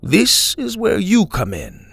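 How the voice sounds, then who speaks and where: A man voicing a hearty, round man who calmly teaches fishing, in a storybook reading. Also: high voice, slow pace, vocal fry, slightly rough, no room sound, voice pushed up, heavily acted. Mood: instructive. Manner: steady instructive. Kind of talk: storybook read-aloud.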